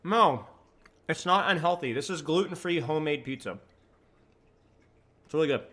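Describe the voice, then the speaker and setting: A young adult man streaming from home at a desk mic, breaking down match plays in quick analytical commentary, then chatting with viewers in a relaxed way. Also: fairly high pitch. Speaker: streamer and coach. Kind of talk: casual match analysis and chat. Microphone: desk microphone.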